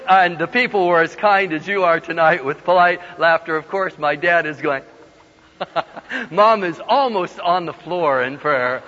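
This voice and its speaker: A man giving a humorous storytelling sermon, animated and laughing often as he acts out the voices in his stories. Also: a little high, normal speed. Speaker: guest preacher. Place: large hall with an audience. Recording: dull lo-fi sound with long hall reverb.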